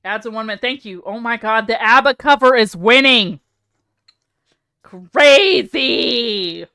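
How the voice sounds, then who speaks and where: Wry, high-voiced woman streamer. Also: takes it slowly, pushed and bright, clean tone. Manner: wry, self-mocking, breaks into laughter. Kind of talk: casual live-stream chat.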